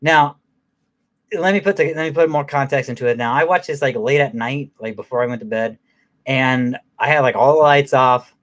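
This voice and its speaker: A man's voice: mid-range voice, normal speed, fairly bright tone. A man giving a casual, profanity-heavy movie recap in a rambling way, with many fillers and restarts. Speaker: movie reviewer.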